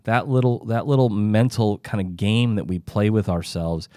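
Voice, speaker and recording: A man's voice: fairly low pitch, moderate pace, mellow, no echo, clean studio sound. A man hosting an interview, asking long, hedging, rambling questions in a casual way. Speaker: podcast host.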